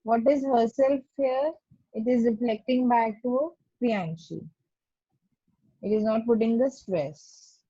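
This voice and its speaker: A woman's voice: on the high side, warm tone, breathy edge, dry recording. A woman teacher patiently explaining grammar to pupils over a video call. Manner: slow, patient explaining with stressed examples. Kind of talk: online class doubt session. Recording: muffled lo-fi video call audio.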